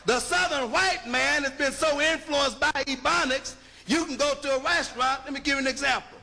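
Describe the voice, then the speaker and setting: A man's voice: very high voice, animated, normal speed, creaky, bright, forceful tone. A man giving an emphatic, rhetorical lecture, punching his points and checking that listeners follow. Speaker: linguistics lecturer. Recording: long hall reverb.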